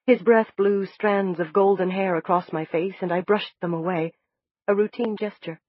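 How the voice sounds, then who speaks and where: A woman reads a novel aloud in the first person, measured and descriptive. Her voice sits in a middle range. The recording is dull and dry, with no room sound. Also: medium pitch, steady tone, dry recording. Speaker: audiobook narrator. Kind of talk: first-person scripted narration.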